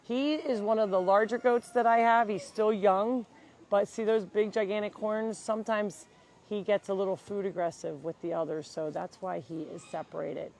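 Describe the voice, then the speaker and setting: There's slight background noise as a woman with a medium-pitched, steady, somewhat mellow voice talks at a moderate pace through a handheld mic. Running an animal sanctuary, she chats casually on a live farm tour outdoors and coos at the creatures in baby-talk.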